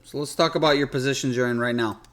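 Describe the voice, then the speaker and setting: A man's voice: medium pitch, fairly even intonation, quick pace, fairly bright tone. A man casually hosting a live stock trading stream, chatty and loose. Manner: loose, chatty, restarts sentences. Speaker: livestream host. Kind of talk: casual livestream chat.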